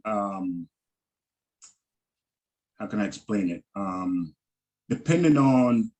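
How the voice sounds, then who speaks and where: Halting, slow-talking male teacher. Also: lowish voice, darkish tone, poor audio. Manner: halting, repeats words, checks in with "right?". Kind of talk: Hebrew vowel lesson over screen share. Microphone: video call.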